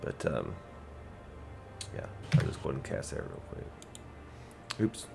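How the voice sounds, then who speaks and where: A man playing a tabletop game who speaks haltingly, often stumbling and restarting. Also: over music. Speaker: player.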